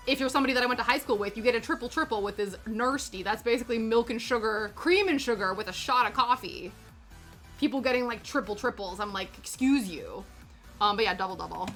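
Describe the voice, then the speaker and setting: A young Canadian woman with a Canadian accent chats and giggles as she rambles on a crafting livestream, with music playing behind her. Her voice is fairly high, pushed and bright.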